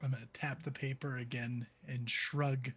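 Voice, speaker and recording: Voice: mid-range voice, flat delivery, moderate pace, slightly rough. A player in a tabletop game, describing actions and laughing often.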